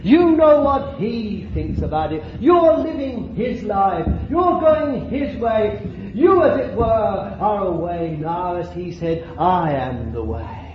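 A man's voice: high-pitched, big pitch swings, takes it slowly, hardly any pauses, dull audio, noisy background. A man preaching a fervent sermon, exclaiming and laughing between points.

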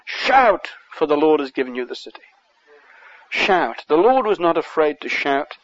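English male preacher, high-pitched, passionate surges, muffled sermon tape. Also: animated, moderate pace, dry recording. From England. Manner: impassioned, surges louder on key words.

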